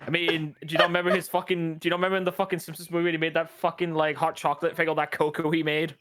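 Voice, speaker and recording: Joking, foul-mouthed man, somewhat high voice. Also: little pitch movement, rapid-fire, a bit bright. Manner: joking, swears often, rambling asides. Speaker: co-host on a game stream. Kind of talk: casual banter.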